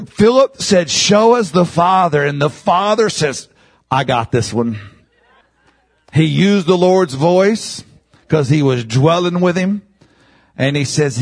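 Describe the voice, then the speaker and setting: A man preaching a sermon, dropping low then rising into loud, high shouts. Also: breathy edge.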